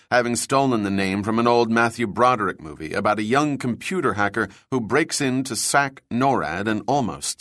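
A man reading a thriller audiobook in scripted narration, with a steady, measured delivery. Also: fairly low pitch, no echo, studio quality.

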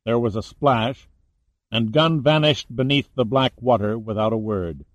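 A man's voice: medium pitch, measured pace, no room sound. Man narrating a thriller audiobook. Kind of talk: scripted narration.

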